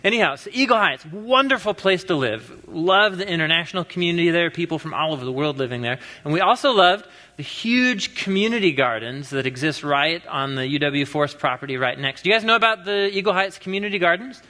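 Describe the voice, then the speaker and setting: A man in his thirties, originally from the US Pacific Northwest, gives a chatty, playful sermon, teasing the congregation while he tells a story. His voice sits a little high, and it rings bright and forceful. It echoes with the long reverb of a large church sanctuary. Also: a little fast, hardly any pauses. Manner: animated, joking storyteller. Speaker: pastor. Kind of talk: conversational sermon.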